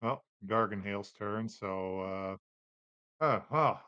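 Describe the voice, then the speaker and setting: Low-voiced man running a tabletop game. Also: measured pace, dry recording. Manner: relaxed, laughs often. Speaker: game master.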